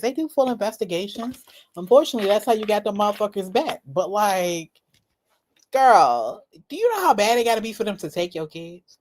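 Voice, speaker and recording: A woman's voice: medium pitch, very animated, a little fast, darkish tone, a little hiss or hum. A woman reacting live to a video, chatting casually with her viewers and swearing freely. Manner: profane, talks to chat and her cats. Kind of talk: casual live-stream commentary.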